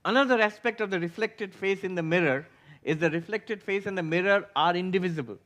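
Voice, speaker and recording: A man with a rather high voice leads a philosophy class as a spiritual teacher. He explains patiently, often asking his listeners questions. He slips into quick impressions of everyday thoughts to make his points. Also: a bit bright. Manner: acts out everyday inner voices for illustration.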